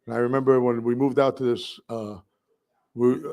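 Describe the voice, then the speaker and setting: A middle-aged man from New York City telling a personal story with vivid, animated delivery, mimicking voices and bursting into shouts. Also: medium pitch, moderate pace, creaky.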